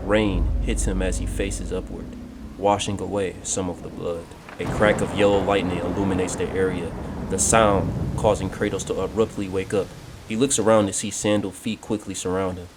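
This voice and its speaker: A man narrating a fan-made game story in a steady, descriptive storytelling manner. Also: low voice, normal speed, noisy background. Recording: loud music under the voice.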